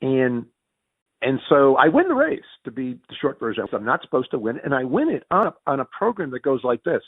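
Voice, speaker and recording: A middle-aged man telling a story casually in an interview, animated and jumping in pitch when excited. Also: a little fast, slightly rough, no room sound. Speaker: interview guest. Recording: tinny phone-like sound.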